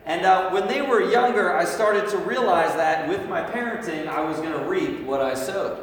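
A man's voice: high voice, normal speed. A man in his thirties giving a casual, conversational sermon to a youth group, often checking in with the room by asking "right?". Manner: conversational, asks the room frequent "right?" questions. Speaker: preacher. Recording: echoey hall, mic at a distance.

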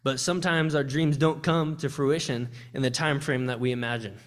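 An earnest young man shares a testimony during a church service. He speaks from the heart at a middle pitch, often restarting his sentences as he goes. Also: steady tone, moderate pace. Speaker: campus ministry speaker.

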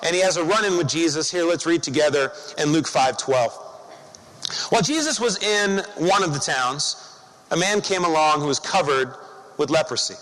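High-voiced male pastor in a reverberant hall. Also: lively intonation, moderate pace, fairly bright tone. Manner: conversational, rhetorical questions to the congregation. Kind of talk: sermon.

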